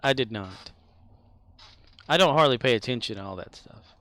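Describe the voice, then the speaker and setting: A man's voice: medium pitch, expressive, moderate pace, sharp tone. A man streaming a game, chatting casually and sleepily with his viewers in a laid-back drawl. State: sleepy, keeps yawning. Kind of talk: casual chat while playing.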